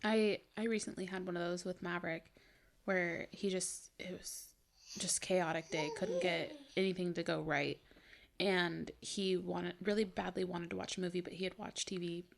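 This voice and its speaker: A young woman co-hosting a casual podcast chat, speaking in a lowish voice with plenty of vocal fry. She tells stories in a chatty, loose way and fills her sentences with casual fillers. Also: fairly even intonation, moderate pace. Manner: chatty storyteller, leans on "like". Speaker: podcast co-host.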